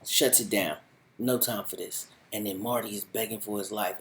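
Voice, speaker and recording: A man giving a casual spoken review of a TV show in animated, slangy, rambling storytelling. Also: lowish voice, normal speed, a little hiss or hum, low-quality recording.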